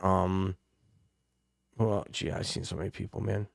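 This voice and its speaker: A man's voice: low-pitched, flat delivery, measured pace, creaky, no room sound, clean studio sound. A middle-aged man, co-hosting a casual chat and telling rowdy, profane stories full of acted-out quotes. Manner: rowdy storyteller, swears freely, acts out quotes. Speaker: podcast co-host.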